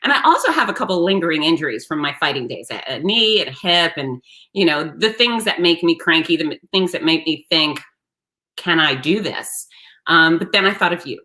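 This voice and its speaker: A woman hosting her own show, telling a story in a blunt, salty, animated way. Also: low voice, a little fast. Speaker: host. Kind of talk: casual storytelling monologue.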